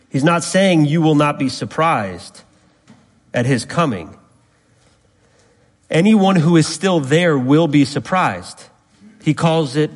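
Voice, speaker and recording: Guy preaching a verse-by-verse sermon, kinda high voice, lots of hall echo, stacks up repeated lines. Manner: builds to emphatic rising repetition; asks the congregation to fill in words. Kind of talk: expository sermon. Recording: long reverb of a hall.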